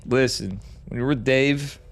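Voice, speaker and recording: A man's voice: mid-range voice, measured pace, vocal fry. Rambling, jokey male esports caster. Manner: rambling, jokey, swears freely. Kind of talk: casual co-casting banter.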